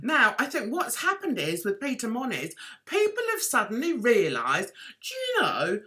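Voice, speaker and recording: A woman vlogging her opinions in an animated, indignant, chatty way, with sudden outbursts. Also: fairly high pitch. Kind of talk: opinionated commentary vlog.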